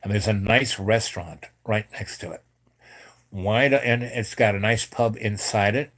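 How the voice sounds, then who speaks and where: A man's voice: on the low side, moderate pace, fairly bright tone. A middle-aged man telling a long personal story in a rambling, casual way, with many fillers and restarts. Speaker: host.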